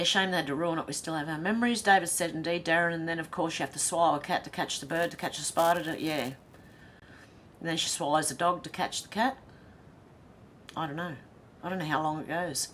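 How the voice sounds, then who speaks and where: A woman's voice: sits low, fairly quick, long pauses, fairly bright tone, a little hiss or hum. A middle-aged Australian woman hosting a casual livestream, reading viewer comments aloud with giggly, chatty asides. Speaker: livestream host.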